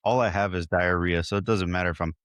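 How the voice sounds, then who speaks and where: A man's voice: deep voice, fairly even intonation, fast, a bit bright, clear, resonant tone, no echo, clean studio sound. A man joking around and laughing a lot during a casual podcast chat.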